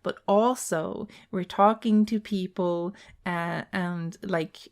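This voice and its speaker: A woman co-hosting a casual Q&A, answering fans' questions with halting restarts and fillers. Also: fairly low pitch, steady tone. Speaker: co-host. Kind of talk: casual Q&A chat.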